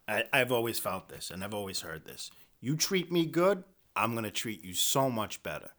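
A man from New York with a thick New York accent, telling stories in casual chat, profane and animated. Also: lowish voice, normal speed. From New York, Brooklyn. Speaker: podcast guest, artist.

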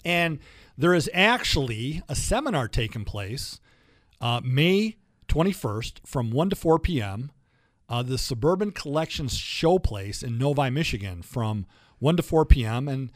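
Animated man hosting a legal talk show. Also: mid-range voice, unhurried, dry recording, clean studio sound. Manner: animated, rambling, frequent restarts. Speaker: radio show host and lawyer. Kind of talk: casual talk-radio chat.

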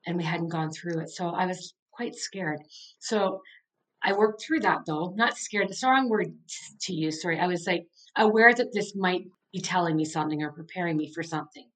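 A woman's voice: on the low side, moderate pace, a bit bright, rough recording. Earnest middle-aged woman telling her story. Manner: earnest, heartfelt storytelling with many "like" fillers. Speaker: author and coach, podcast guest. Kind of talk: casual interview conversation.

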